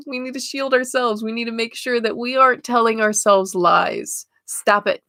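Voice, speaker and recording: A woman's voice: fairly high pitch, steady tone, moderate pace, few pauses, fairly bright tone, dry recording, studio quality. A woman hosting a spiritual livestream, chatting casually with viewers while she reads oracle cards and laughs often. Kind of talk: casual live chat reading oracle cards.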